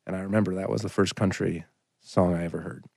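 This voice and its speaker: A man's voice: deep voice, fairly even intonation, fast talker, creaky, darkish tone, no room sound, clean studio sound. A man in his thirties, a singer-songwriter guest on a podcast, telling a long, rambling anecdote with lots of "like" fillers. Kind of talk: casual storytelling in a podcast interview.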